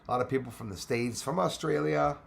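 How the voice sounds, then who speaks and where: A man's voice: mid-range voice, fairly quick, creaky, slight background noise. A man with a Quebec French accent hosting a casual livestream, chatting with viewers, switching between English and French and swearing freely. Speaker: space channel livestream host.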